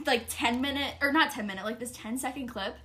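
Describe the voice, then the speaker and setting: A young woman spins a long personal story for a casual podcast. Her voice sits a touch high, and she rambles through fillers and restarts with blunt, profane candor. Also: a little fast, bright, forceful tone, slightly rough. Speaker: podcast co-host telling a story.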